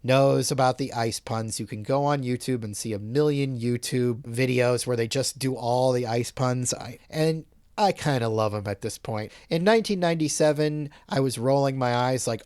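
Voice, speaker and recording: A man in his forties chatting casually about a movie, telling scenes with animated enthusiasm. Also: mid-range voice, clear, resonant tone, dry recording, studio quality. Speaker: co-host of film review show. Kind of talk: casual film discussion.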